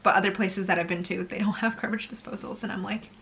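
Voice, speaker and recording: A young woman from Brazil talking to camera in a casual sit-down vlog, chatty and animated, breaking into laughs between points. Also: mid-range voice, quick pace, gravelly. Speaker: YouTuber.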